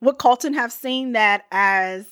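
A woman's voice: on the high side, slow pace, a bit bright, smooth. A woman hosting a podcast, casually telling a history story with playful, chatty asides and frequent laughter.

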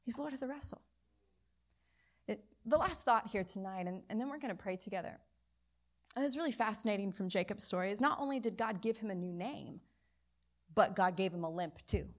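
A woman preaches to her church, spinning a childhood story with animated, acted-out dialogue. Her voice sits at an ordinary middle pitch and carries the easy rhythm of a practiced preacher. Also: brisk. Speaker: pastor. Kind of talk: sermon with personal story. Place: church service.

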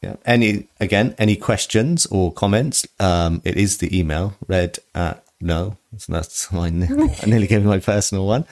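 Very deep-voiced easygoing woman. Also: moderate pace, few pauses, darkish tone. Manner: easygoing, supportive, fills gaps with um. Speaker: podcast co-host. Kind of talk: casual chat.

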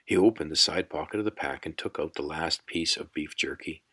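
A man narrating a fantasy audiobook in a measured, unhurried storytelling manner. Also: a bass voice, sharp tone, breathy edge. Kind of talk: scripted narration.

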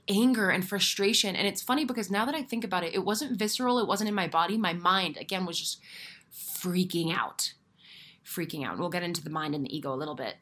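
Young woman podcast host, lowish voice, chatty and candid, swears casually. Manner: candid, animated storytelling with casual swearing and frequent laughs. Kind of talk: casual solo podcast monologue.

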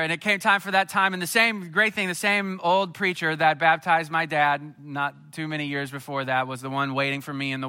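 A man from Missouri preaching a sermon, telling a personal story and then building to an emphatic, lively appeal. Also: medium pitch, clean tone. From Missouri, USA. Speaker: pastor.

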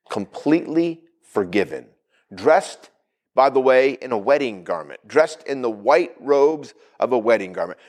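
Lively, animated male pastor preaching. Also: mid-range voice. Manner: animated preaching, asks the congregation for responses. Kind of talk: sermon.

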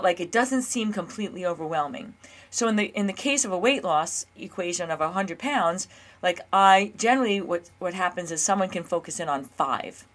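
A woman coaching listeners in a casual monologue, chatty, often checking in with "okay?" and fillers. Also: mid-range voice. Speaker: weight loss coach and podcast host.

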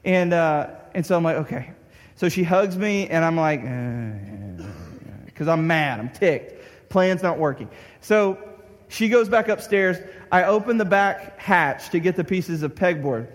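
A young man telling a story as a sermon, acting out his own frustration with bursts of shouting. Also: high voice, moderate pace. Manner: animated, acts out his own anger with shouts. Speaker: pastor. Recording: long hall reverb.

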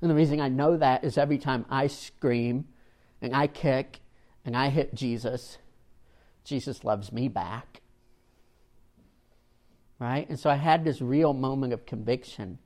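A man's voice: medium pitch, measured pace, pauses often, a little mellow. A man who volunteers in a church children's program, telling a sermon story in a conversational way with frequent restarts and tag questions.

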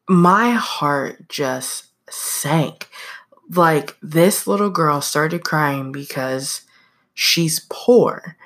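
A woman's voice: low-pitched, a bit bright. A young adult woman hosting a podcast, telling a personal story in a chatty, casual way with plenty of fillers. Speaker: podcast host.

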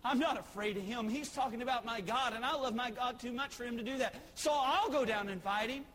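A man's voice: very high-pitched, brisk, a bit bright, long reverb tail. A man voicing David as a bold young man, in an earnest, pleading manner. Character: exasperated young male David, defiant.

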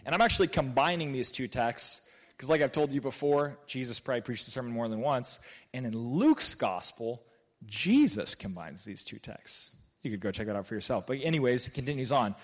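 A man preaching a sermon as pastor. His delivery is animated, with loud emphatic peaks and quiet asides. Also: medium pitch, moderate pace.

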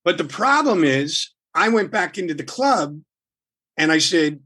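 Man, husky voice, pitched a bit high, rambling storyteller guest, loose and profane. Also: a little slow. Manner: animated, rambling with restarts. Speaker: guest musician. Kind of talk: casual storytelling, swearing freely.

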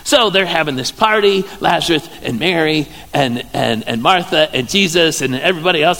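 A playful Midwestern pastor in his fifties preaches with a fairly high, gravelly voice. He jokes his way through the sermon and bursts into loud exclamations. His voice rings with the long reverb of a church hall. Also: expressive, normal speed, few pauses. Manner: playful, jokey storytelling with sudden loud exclamations.

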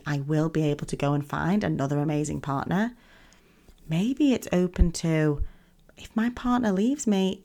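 A woman hosting a self-help podcast, talking in a gentle, soothing coaching manner. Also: low voice. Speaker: podcast host.

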